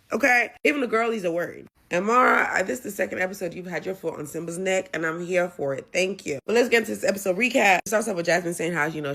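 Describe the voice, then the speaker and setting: A woman's voice: fairly low pitch, vocal fry, a bit bright. Sassy Southern woman recapping reality TV. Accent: Southern American. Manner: sassy, playful, dramatic asides. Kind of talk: casual recap commentary.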